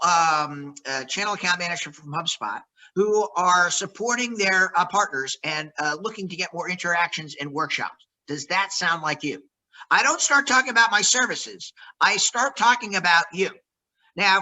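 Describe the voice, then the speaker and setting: A man's voice: sits high, bright, forceful tone, rough recording. A man leading a sales workshop, coaching trainees and acting out phone greetings with lots of energy.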